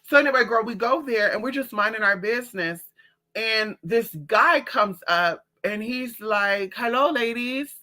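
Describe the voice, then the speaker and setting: Woman, bright tone, middle pitch, sassy animated livestream storytelling. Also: unhurried. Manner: sassy, animated storytelling with big pitch jumps when quoting people. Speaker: livestream host. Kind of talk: casual livestream chat.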